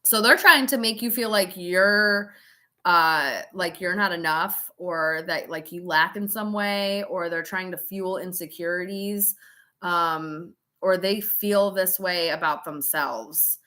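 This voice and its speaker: A woman's voice: fairly low pitch, slow pace, pushed and bright. A tipsy woman giving a casual live tarot reading, chatty and laughing, with swearing and dramatic asides. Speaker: tarot reader.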